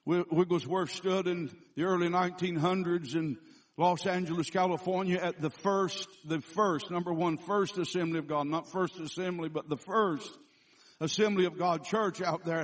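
A man with a notably high voice preaches a sermon as a visiting speaker. He tells his story loosely, often stopping to correct and restart himself. When he quotes scripture, he slows down and leans into the words. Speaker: guest preacher.

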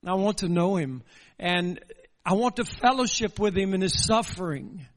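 A man's voice: sits high, lively intonation, normal speed, in a large hall. A man preaching a sermon in a church, earnest and building through repeated rhetorical questions. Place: church sanctuary.

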